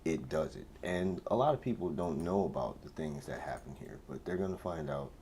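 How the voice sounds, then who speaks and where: A man spins a rambling, swear-heavy story as host of his own show, his voice leaping up and down in an animated way. He drops to near-mumbles, then bursts into shouts. Clear background noise hums through the room. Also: rumbling low, fairly quick. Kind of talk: casual storytelling monologue. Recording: noisy room ambience.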